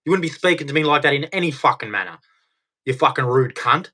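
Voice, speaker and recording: A man's voice: a little high, animated, fast, pushed and bright. A middle-aged man hosting a reaction video, ranting angrily at clips with heavy swearing. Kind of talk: angry reaction commentary.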